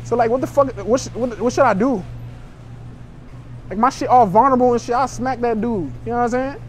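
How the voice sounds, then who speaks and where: A man's voice: very high-pitched, brisk, darkish tone, a little hiss or hum. A young man chatting brashly to strangers in a store, joking and provoking as a prank vlogger. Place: inside a store.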